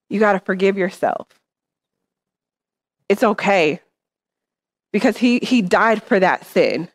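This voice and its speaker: Woman preacher, earnest, conversational, mid pitch, church sermon. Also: unhurried, pauses often. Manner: conversational, earnest, checks in with "right?".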